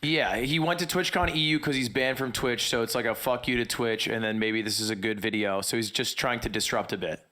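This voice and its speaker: A man chatting on a casual podcast, laid-back and explaining in quick asides. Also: mid-range voice, sharp tone. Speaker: podcast co-host.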